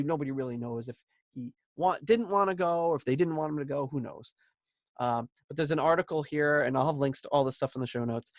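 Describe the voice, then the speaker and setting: A man's voice: a little high, no echo, clean studio sound. A man co-hosting a podcast in casual chat. He tells stories with laughter and acts out quotes. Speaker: podcast co-host.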